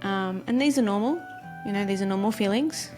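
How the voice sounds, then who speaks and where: A woman's voice: mid-range voice, over music. Encouraging woman leading a coaching exercise. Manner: encouraging, slows down to read out questions. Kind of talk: casual live-stream coaching chat.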